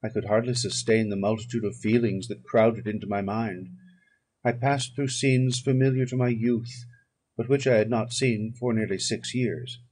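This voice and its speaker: Husky man reading an audiobook. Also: on the low side, fairly even intonation, darkish tone. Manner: measured, solemn reading. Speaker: audiobook reader. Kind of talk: audiobook narration.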